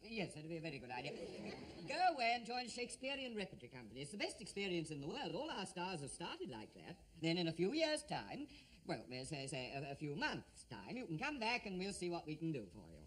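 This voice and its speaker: A man's voice: on the high side, huge pitch swings, fairly quick, a bit bright. A man playing a condescending theatre manager, polite on the surface but cutting. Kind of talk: 1950s radio comedy acting.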